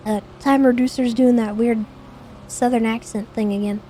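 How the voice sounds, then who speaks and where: Mellow-voiced young woman streamer. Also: fairly high pitch, steady tone, normal speed, slight background noise. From United States. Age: 20s. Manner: chatty, teasing, thanks viewers between game talk. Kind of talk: casual role-play stream chat.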